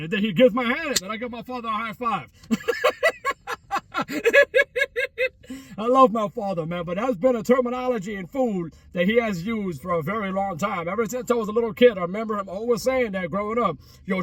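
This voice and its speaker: A very high male voice, recorded from a distance with no echo, belongs to a travel vlogger in his 30s. Standing outdoors at a closed restaurant, he chats in a rambling, repetitive way, restarting a lot and leaning on street slang.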